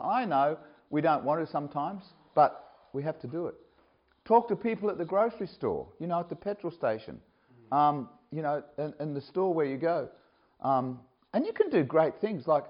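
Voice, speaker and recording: A man preaching as a missionary, telling stories and acting out what people said. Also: mid-range voice. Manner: animated storyteller, acts out quoted dialogue with laughs. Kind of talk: sermon with personal stories. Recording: dull lo-fi recording.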